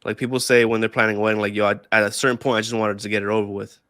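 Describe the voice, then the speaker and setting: A man's voice: on the low side, flat delivery, racing, fairly bright tone, smooth, no echo, studio quality. A young man casually telling a story on a podcast, laughing often, swearing freely and repeating himself. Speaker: podcast co-host.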